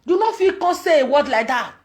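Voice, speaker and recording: Nigerian woman ranting on her vlog, super high voice, loud and repetitive. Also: lively intonation, a little fast. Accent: Nigerian Pidgin. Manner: emphatic, repetitive, loud outbursts. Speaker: vlogger. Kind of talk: ranting commentary.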